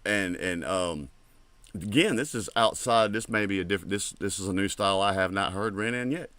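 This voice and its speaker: A man's voice: sits low, fairly quick, a bit bright, smooth, no echo. A man hosting a music reaction show, talking casually and rambling with frequent swearing as he comments on a track.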